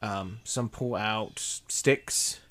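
A man narrating as game master of a tabletop game, describing scenes with many pauses and fillers. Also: on the low side, fairly bright tone. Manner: rambling descriptions with many ums and likes.

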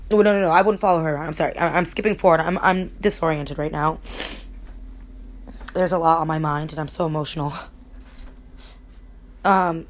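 A young woman from Connecticut telling a personal story in a casual, rambling way, candid and emotional, swearing freely. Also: lowish voice. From Connecticut, USA. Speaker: vlogger.

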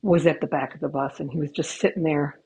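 A woman with a low, mellow, husky voice and vocal fry talks fast with fairly even intonation, hosting a podcast from home with her cats. She tells chatty, rambling, profane stories into a headphone mic that cuts in and out, on a dull lo-fi recording.

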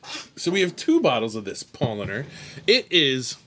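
A man's voice: medium pitch, huge pitch swings, fairly quick, sharp tone, slight background noise. A man hosting a casual chat show, telling stories in a rambling way with many restarts and laughs. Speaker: host.

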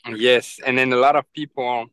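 Young french guy on a podcast, bright crisp voice, dry close sound. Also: medium pitch, fairly even intonation, moderate pace, no room sound, rough recording. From France. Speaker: podcast guest. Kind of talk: casual interview chat.

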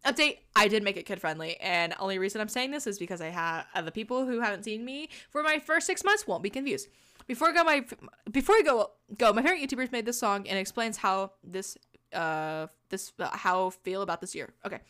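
A woman's voice: medium pitch, lively intonation, a little fast, pushed and bright, clean tone. A young woman hosting a podcast, reading a silly fanfiction aloud with playful, laughing asides. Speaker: podcast host.

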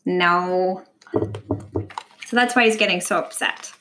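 A woman reading a picture book aloud to her child at home, expressive and animated, stopping to ask the child questions. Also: on the low side, takes it slowly, slight background noise.

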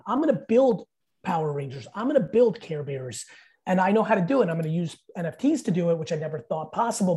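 This is a man in his fifties speaking as a podcast guest, with a husky, slightly breathy voice and a mellow, dark tone. He tells stories emphatically, swears freely and acts out quotes in casual chat. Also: high-pitched. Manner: profane, emphatic storyteller who acts out quotes.

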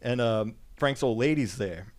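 A man retelling a movie plot in a loose, rambling podcast chat. His voice sits at a middle pitch, and his talk is peppered with fillers and "like". The delivery is casual and unhurried. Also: a little mellow. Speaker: podcast co-host. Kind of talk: casual film recap.

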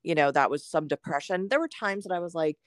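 A woman's voice: low-pitched, fast, no room sound, clean studio sound. A middle-aged woman talking candidly as a podcast guest, full of fillers and acting out her own thoughts. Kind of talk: candid conversational chat.

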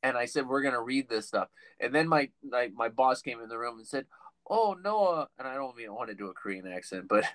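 A man hosting a laid-back podcast, telling rambling stories that keep stopping and restarting. His voice sits at an ordinary middle pitch, and he talks in a loose, conversational way. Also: fast, few pauses, a bit bright, no room sound, rough recording. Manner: rambling, self-interrupting storyteller. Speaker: podcast host. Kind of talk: casual interview chat.

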